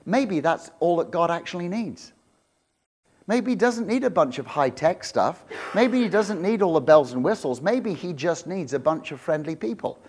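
A man with a high voice preaches a sermon as if chatting with friends, tossing in jokes and asides. He builds to loud, insistent repetition, hammering each point home. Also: animated, moderate pace. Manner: jokey asides, laughs with congregation. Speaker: pastor.

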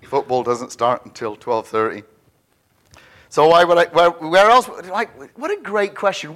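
High, lively joking male preacher. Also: measured pace. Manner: animated, joking, repeats words when restarting. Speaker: pastor. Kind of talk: sermon.

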